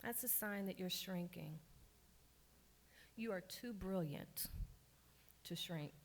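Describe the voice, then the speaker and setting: Energetic woman workshop speaker. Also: medium pitch. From Baltimore, Maryland. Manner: lively, hypes the audience with calls for applause. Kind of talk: energetic interactive workshop talk. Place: conference room with audience.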